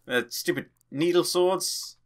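A man giving excitable, playful let's play commentary as a gaming channel host, tossing in his own sound effects. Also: a little high, takes it slowly.

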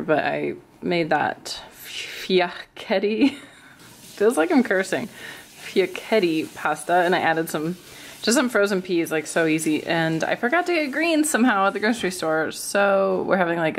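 A young woman chatting casually to camera in her bedroom, gushing and excited, with frequent gasps and little laughs. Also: lowish voice, normal speed, gravelly. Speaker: lifestyle vlogger. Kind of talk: casual vlog chat. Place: home bedroom.

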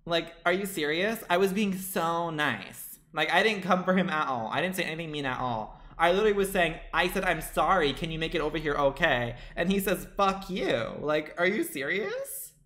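A man's voice: fairly high pitch, lively intonation, normal speed, hardly any pauses, pushed and bright. A man streaming a game and chatting to viewers, sassy and dramatic, swearing a lot. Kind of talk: casual livestream chat while gaming.

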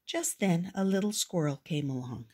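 An older woman reading a children's picture book aloud, gentle and expressive. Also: on the low side, normal speed, slightly rough. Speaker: storyteller.

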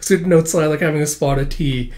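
A man's voice: fairly high pitch, fast, a little mellow. A man hosting a casual manga read-along, narrating in a loose, chatty way with filler words.

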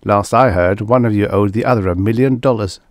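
A proud male spaceship navigator who loves the stars more than people, as a male narrator puts him on. He speaks loftily and a little haughtily, in a deep voice. The sound is dry and close. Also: a little fast, no room sound, natural voice. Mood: lofty teasing. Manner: haughty, quoting poetry. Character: lofty star-loving male astronaut navigator.

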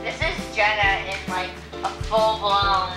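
A woman's voice: mid-range voice, little pitch movement, unhurried. A woman bantering with a friend, teasing and blunt. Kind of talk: casual banter. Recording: echoey room with clear music behind.

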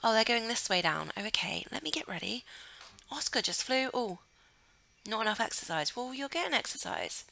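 A young woman talks over her gameplay at a desk mic in a bright, crisp voice. She chatters freely, giggles often and gushes over everything on screen. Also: on the high side, normal speed. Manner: chatty, giggly, gushing with excitement. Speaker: gaming channel host. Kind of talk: casual let's play commentary.

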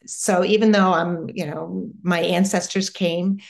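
A middle-aged woman from the United States recounts a personal spiritual experience. She speaks very slowly in a fairly low voice, pausing and restarting her sentences often. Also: steady tone, vocal fry. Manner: slow, halting, with many restarts. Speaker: interview guest.

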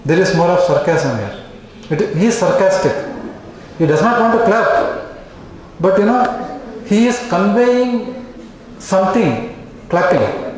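A man's voice: high voice, expressive, takes it slowly. A man giving a live class lecture, repeating points and checking in with "okay?" again and again. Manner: repetitive, checks in with "okay?" constantly. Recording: very echoey classroom, faint noise.

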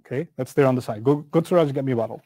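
A middle-aged man teaching a scripture lesson in a conversational, animated way, acting out everyday examples. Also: mid-range voice, rapid-fire, no room sound. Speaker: Quran teacher. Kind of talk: explanatory lecture on scripture.

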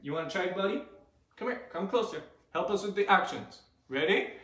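A man's voice: sits high, expressive, a little fast, a bit bright. Upbeat man leading a kids' Bible lesson. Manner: upbeat, leads call-and-response. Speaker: children's church host. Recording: echoey room.

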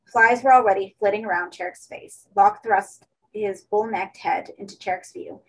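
Husky woman narrating a horror story. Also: mid-range voice, fairly even intonation, moderate pace, rough recording. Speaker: audiobook reader.

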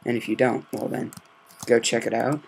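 A man hosting a game let's-play, talking in a hushed, low-key and rambling way, with a slight sore throat. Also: little pitch movement, moderate pace, gravelly, slight background noise. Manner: quiet, low-key, meandering. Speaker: gaming video host.

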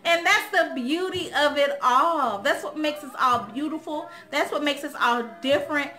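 A woman's voice: sits high, moderate pace, pushed and bright. A young woman hosting her own channel, talking straight to the viewers in a casual, outspoken chat and telling stories with a lot of animation. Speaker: vlog host.

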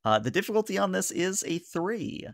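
A man's voice: high-pitched, big pitch swings, moderate pace, creaky, dry recording, clean studio sound. A man running a tabletop game as game master, narrating casually with many fillers.

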